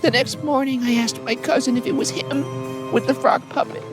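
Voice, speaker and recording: A timid little girl, voiced high and small by a man putting it on, tells her spooky story with a child's nervous caution. Music plays underneath the whole time. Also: fairly even intonation, normal speed. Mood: uneasy storytelling. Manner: hushed storyteller, childlike unease. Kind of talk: comic storytelling voice on a livestream.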